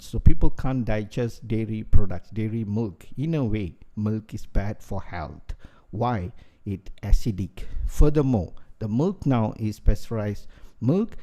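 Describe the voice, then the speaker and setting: Dark-voiced man lecturing on coffee. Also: medium pitch. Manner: rambling and lecturing, restarts and asks himself questions. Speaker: doctor promoting coffee products. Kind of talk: casual health and product talk.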